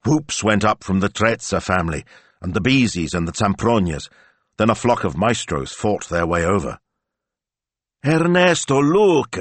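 A deep-voiced man narrates a novel in a measured way, his pitch moving freely through each sentence. The recording is dry and close, with no room sound. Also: animated, a bit bright, dry recording. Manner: measured storytelling. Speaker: audiobook narrator. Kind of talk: scripted narration.

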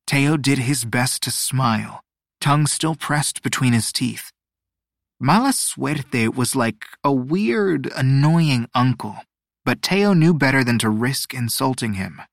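Male audiobook narrator with a mid-pitched voice, measured and expressive, recorded dry. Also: creaky, dry recording. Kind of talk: scripted storybook narration.

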